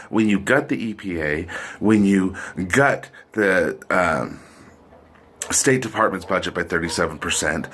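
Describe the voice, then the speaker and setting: A middle-aged podcast host delivers a rambling political rant that is profane and sardonic. His voice is on the low side with a fairly bright tone.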